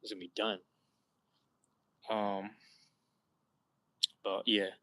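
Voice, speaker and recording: Bright-toned young man chatting casually. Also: lowish voice, slow pace, rough recording. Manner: loose slangy rambling, swearing, animated outbursts. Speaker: vlogger chatting with live viewers. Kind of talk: casual live-stream chat. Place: outdoors at sunset.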